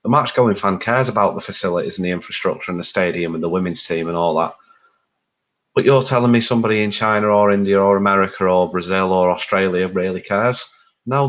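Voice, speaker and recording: Deep-voiced man on lo-fi audio. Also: fairly bright tone. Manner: candid, rambling, sweary. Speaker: fan pundit. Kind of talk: casual discussion. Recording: dull lo-fi audio.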